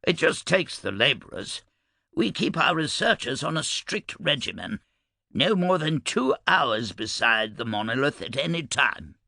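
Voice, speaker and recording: A man's voice: mid-range voice, big pitch swings, unhurried, creaky, bright, forceful tone, no echo, studio quality, voice pushed up, exaggerated voice. A man doing a breezy, unconcerned researcher. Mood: cheerful. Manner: breezy, offhand.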